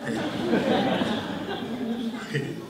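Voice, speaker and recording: An older man talks his way through a live stage act in a bright, lively voice, joking and laughing as he goes. He sounds distant, picked up by a far-off mic in an echoey hall. A crowd murmurs around him. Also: extremely high pitch, drawn-out words, vocal fry, heavy background noise. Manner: chatty, joking, laughs often. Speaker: bubble performer. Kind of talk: live stage show patter.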